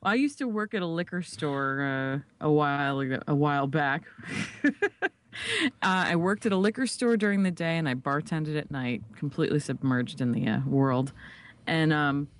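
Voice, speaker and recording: A man's voice: on the high side, moderate pace, fairly bright tone, no echo. A man co-hosting a podcast, joking and teasing over beers. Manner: joking, teasing, laughs often. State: drinking beer. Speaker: podcast co-host. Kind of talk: casual chat.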